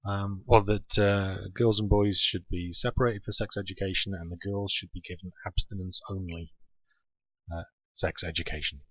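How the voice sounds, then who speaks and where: A low, husky man hosts a casual chat, reading the news out loud and throwing in dry, sarcastic remarks. The recording is dull and lo-fi, with a dry sound and no room echo. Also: steady tone, moderate pace. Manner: reads news items aloud with sarcastic asides. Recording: dull lo-fi podcast audio.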